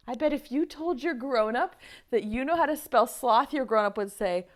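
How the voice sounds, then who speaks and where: A woman teaching an online preschool lesson to small children, speaking gently and encouragingly and singing slow children's songs. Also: a little high, very animated.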